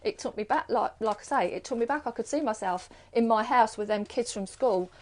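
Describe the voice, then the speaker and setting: On a live stream she hosts as a card reader, a middle-aged British woman chats casually, rambling through a series of rhetorical questions. Her voice is on the high side and fairly quick.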